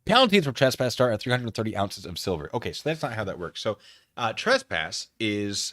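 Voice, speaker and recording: A man's voice: medium pitch, sing-song, moderate pace, a bit bright, no room sound, studio quality. A man hosting a casual livestream, reacting with sarcastic commentary and frequent laughter. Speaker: streamer.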